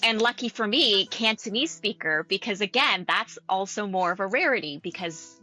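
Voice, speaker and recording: Bright-voiced Canadian woman, animated and chatty. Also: medium pitch, normal speed, faint music behind. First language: English. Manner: animated, chatty, laughs often and acts out quoted voices. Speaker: actor-coach guest. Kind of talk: casual interview conversation.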